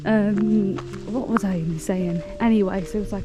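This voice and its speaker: A woman's voice: mid-range voice, quick pace, music in the background. A young woman chatting casually to camera as a hiking vlogger outdoors, rambling and laughing often.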